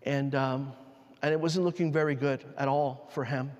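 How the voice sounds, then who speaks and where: A man preaching a sermon, telling a personal story in a halting, emotional way with frequent restarts. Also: mid-range voice, steady tone, darkish tone, highs cut off. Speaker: pastor. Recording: long hall reverb.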